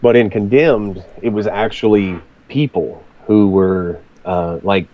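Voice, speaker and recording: A man's voice: on the low side, steady tone, slow, phone-quality sound. A man chatting casually about games, often repeating words as he starts sentences. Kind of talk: casual chat.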